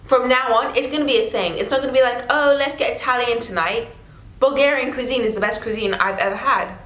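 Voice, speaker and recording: A woman's voice: on the high side, fast talker, fairly bright tone. A young woman with a South African accent, chatting casually through a food taste-test vlog, exclaiming a lot. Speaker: vlogger. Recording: echoey room.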